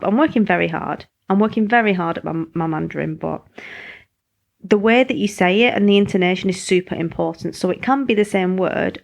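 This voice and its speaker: Chatty woman with a gravelly edge. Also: mid-range voice. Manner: chatty, rambling, self-deprecating. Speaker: podcast host. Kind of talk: casual podcast monologue.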